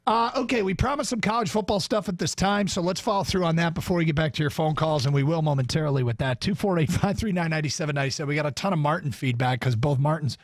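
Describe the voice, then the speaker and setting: A man's voice: a little high, fast, hardly any pauses, no room sound, studio quality. A man co-hosting a sports radio show, chatting casually and leading the segment. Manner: chatty, runs the segment, reads the call-in number.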